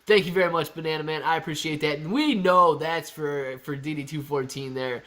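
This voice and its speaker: Excitable male livestream host. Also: fairly high pitch, a little fast. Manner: excited, calls out prices like an auctioneer. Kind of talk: live stock-market chat reading viewer comments.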